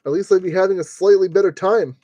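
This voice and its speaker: Mellow-voiced man grumbling through a build. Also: high voice, fairly even intonation, fast talker, no room sound. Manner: grumbling, joking self-talk while working. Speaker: model kit builder streaming. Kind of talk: live-stream building commentary.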